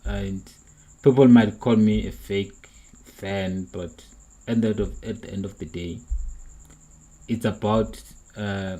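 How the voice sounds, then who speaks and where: A man's voice: lowish voice, fairly even intonation, slow pace, long pauses, dark tone, poor audio. A young man hosting a football reaction stream, earnest and frustrated, repeating his points. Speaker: livestream host.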